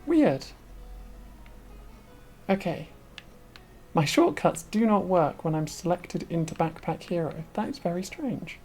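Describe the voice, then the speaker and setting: A woman's voice: fairly low pitch, normal speed, few pauses, darkish tone, soft background music. A woman VTuber giving casual, chatty commentary as she plays a game, talking to herself and laughing. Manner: chatty, talks to herself while playing, laughs often. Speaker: VTuber streamer.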